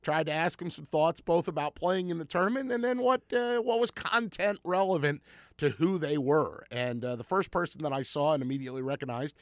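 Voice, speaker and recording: A man's voice: a little high, fairly quick, dry recording. A male sports radio co-host with a slightly raised voice, dryly ribbing his partner and drifting into nostalgia. The studio is dry and close. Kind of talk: casual sports radio chat.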